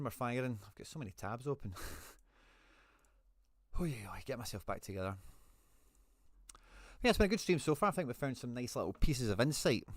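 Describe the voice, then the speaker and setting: A chatty man talks casually to his live-stream audience, thanking viewers and reading out their messages. His voice sits at an everyday middle pitch. The sound is dry and close to the mic. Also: no room sound. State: a bit out of breath. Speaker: streamer hosting a fantasy football live stream.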